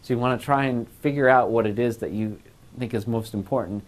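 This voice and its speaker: A man's voice: medium pitch, a little fast. A man teaching a voice class, explaining phrasing and breaking into short sung examples. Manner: explains clearly, sings short demonstration phrases. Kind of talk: recorded music lesson.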